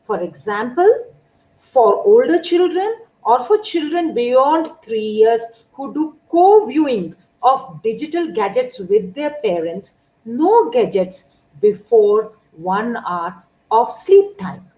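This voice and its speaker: A middle-aged woman speaks as a pediatrician advising parents. Her voice sits a little high and moves a great deal in pitch, rising and falling expressively. She takes her time, laying out each point slowly and deliberately. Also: very animated, warm tone, low-quality recording. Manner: measured, explanatory, lists points one by one. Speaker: pediatrician giving parenting advice. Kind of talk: informative talk to parents.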